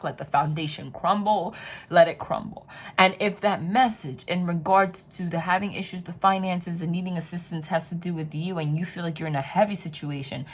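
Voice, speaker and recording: A woman's voice: on the low side, moderate pace. A woman giving a tarot reading to her viewers, chatty and emphatic, repeating phrases again and again. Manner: chatty and spontaneous, talks straight to the viewer. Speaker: tarot reader.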